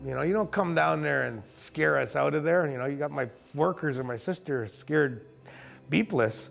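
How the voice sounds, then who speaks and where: A man, a kayak camp owner, telling a story in casual, animated fashion and acting out other people's voices. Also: fairly high pitch, moderate pace, gravelly. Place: outdoors at a rocky bay.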